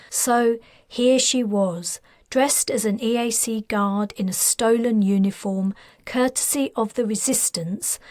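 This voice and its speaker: A woman, the author, narrating her own science fiction novel in a steady, measured storytelling voice. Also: a little high, no room sound, clean studio sound. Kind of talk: scripted audiobook narration.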